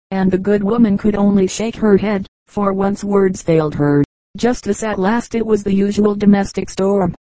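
A woman reading short humorous anecdotes for an audiobook in a measured way, lightly marking the quoted speakers. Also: mid-range voice, steady tone, warm tone, dry recording, poor audio. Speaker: audiobook reader.

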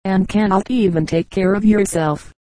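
A woman reading the part of a sly male fox, mocking and flattering by turns, in a storybook fable. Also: mid-range voice, moderate pace, no echo, close to an everyday voice.

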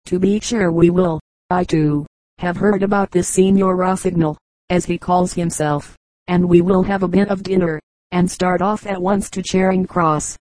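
A woman's voice: on the low side, steady tone, normal speed, darkish tone, no echo, lightly acted, poor audio. A woman reading the part of a cheery, portly middle-aged uncle in a hearty, jovial way.

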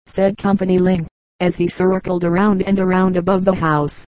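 A woman reading folk tales aloud as an audiobook narrator, in a calm, even storytelling delivery. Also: lowish voice, normal speed, no room sound, low-quality recording. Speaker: audiobook reader.

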